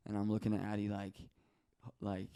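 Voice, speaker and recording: A young man with a low, gravelly voice talks loosely as a podcast guest. His words come out smooth and clear. He is animated, curses freely and slips into other people's voices as he tells his story. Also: moderate pace. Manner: animated, swears often, acts out quoted voices. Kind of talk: casual storytelling interview.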